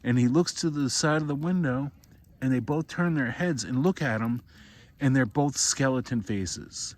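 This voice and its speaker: A man, a parent, telling a made-up horror story outdoors by a campfire, rambling with many restarts. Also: normal speed. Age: adult parent. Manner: rambling, repeats and restarts, rises to high cries for the boy's voice.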